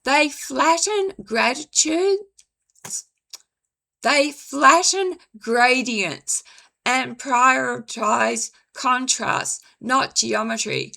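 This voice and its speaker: Slow, deliberate woman with gravelly tone. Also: high voice, pushed and bright. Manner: measured, deliberate, apologizes for stumbling. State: dry voice. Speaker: commentary video host. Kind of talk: slow scripted commentary read-aloud.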